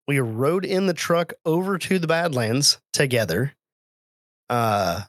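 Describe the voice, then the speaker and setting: A man co-hosting a podcast chats into his mic over a call, telling stories with an animated delivery and plenty of laughter. His voice sits at a middle pitch. The sound is dry and close, with no room echo. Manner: storytelling, animated, laughs often. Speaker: podcast co-host. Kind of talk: casual chat. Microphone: remote call microphone.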